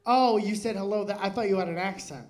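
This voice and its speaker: A man's voice: sits high, fast talker, a little hiss or hum. A man doing stand-up crowd work, brash and profane as he jokes with the audience on a club stage. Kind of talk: live crowd-work banter. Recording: live club recording with loud crowd. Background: crowd laughter.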